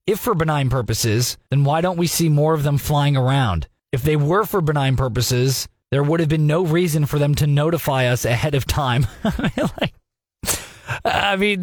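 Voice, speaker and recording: A young man hosting a radio news talk segment, giving sarcastic, animated commentary with mocking asides. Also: medium pitch, no echo, clean studio sound.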